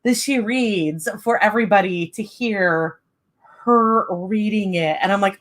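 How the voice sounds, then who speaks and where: A woman's voice: mid-range voice, measured pace. A woman hosting a live writing-sprint stream, chatting casually and rambling with many fillers and giggles.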